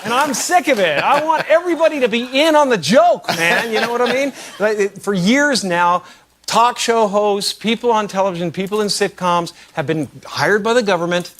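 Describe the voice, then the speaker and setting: A man's voice: sits high, animated, moderate pace. Sarcastic rambling man in a noisy clip. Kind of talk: mock conspiracy rant.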